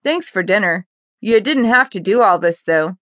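A woman's voice: mid-range voice, expressive, normal speed, a bit bright, dry recording, clean studio sound, natural voice. A woman voicing a polite, respectful young man in college, in an audiobook.

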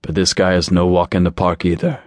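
Guy voicing a weary skeptical angel, dry delivery, low monotone, audiobook. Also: fairly quick, dry recording, close to an everyday voice. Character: sardonic, skeptical male angel brother.

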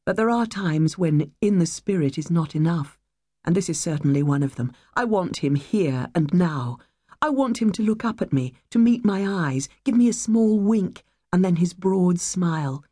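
A woman reading a first-person novel aloud, measured and wistful. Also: on the low side, dark tone, slightly rough, no echo, studio quality. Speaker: audiobook narrator. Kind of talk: first-person audiobook narration.

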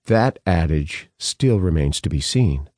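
A man's voice: deep voice, lively intonation, a little slow, a little mellow, no room sound, clean studio sound. A male narrator voicing a wealthy older professor, speaking in a formal, clipped and blunt way.

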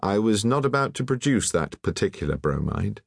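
A man voicing a polite, diffident young gentleman who stammers and apologises humbly. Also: lowish voice, big pitch swings, normal speed, creaky, dry recording, studio quality, pitched above the performer's own voice, heavily acted. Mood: eager.

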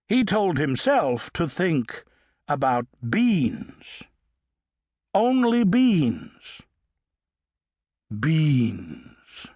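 Slow, expressive storybook narrator, male. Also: high-pitched, no room sound, studio quality. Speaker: audiobook narrator. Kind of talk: children's audiobook narration. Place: recording studio. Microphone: studio microphone.

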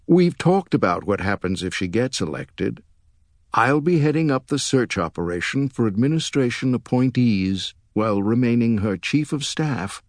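A man's voice: medium pitch, animated, normal speed, no echo, clean studio sound, natural voice. A man voicing a tearful ambitious young woman. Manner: tearful, earnest. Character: tearful young woman, political chief of staff.

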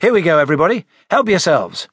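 A man playing an eager, friendly boy in a children's audiobook, pitched a little above his normal voice. The boy sounds upbeat and encouraging, and the recording is dry and close. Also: big pitch swings, quick pace, a bit bright, slightly rough, no room sound, heavily acted. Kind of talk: audiobook character voice.

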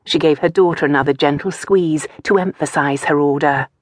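Low-voiced woman narrating calmly. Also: no room sound, studio quality. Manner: calm, measured storytelling. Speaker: audiobook narrator. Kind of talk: scripted narration.

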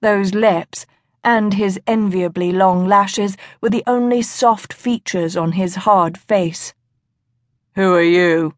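A woman narrating a romance audiobook at a slow, measured pace. Her voice sits in a middle pitch and sounds dry and close, with little room around it. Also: fairly even intonation, dry recording. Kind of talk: scripted narration of a romance novel.

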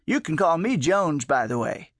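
A man's voice: fairly high pitch, very animated, moderate pace, a bit bright, no room sound, studio quality. A man doing Jones, a folksy old drifter. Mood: teasing. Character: folksy old male drifter, gentle and teasing.

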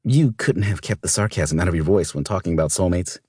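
A man's voice: sits low, lively intonation, a little fast, dark tone, slightly rough, dry recording. A man voicing a blunt, teasing female personal assistant who talks in a dry, scolding way. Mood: brisk.

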